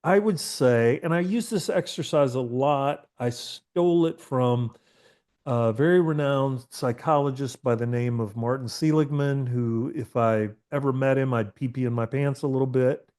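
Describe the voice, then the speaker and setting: A man's voice: mid-range voice, normal speed, a little mellow. Candid, profane middle-aged male therapist. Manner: profane, candid, rambling with restarts. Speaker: therapist guest. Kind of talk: casual podcast storytelling.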